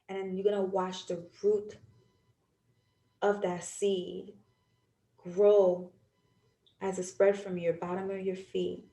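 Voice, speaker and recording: A young adult woman podcast host who leads a guided visualization with slow, soothing, drawn-out phrasing. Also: fairly low pitch, warm tone. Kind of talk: guided visualization and reflective talk. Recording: roomy echo.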